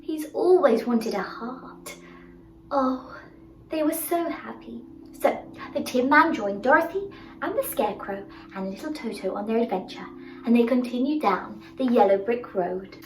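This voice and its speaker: A woman telling a children's storybook tale in an expressive, exclaiming, sing-song manner. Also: fairly high pitch, measured pace, distant mic, a little hiss or hum. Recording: roomy sound from off-mic, faint music.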